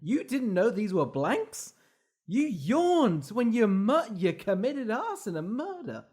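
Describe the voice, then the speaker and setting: A man co-hosting a casual film-review podcast, recapping scenes in an animated, profane way with laughing asides. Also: sits high, takes it slowly. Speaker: podcast co-host.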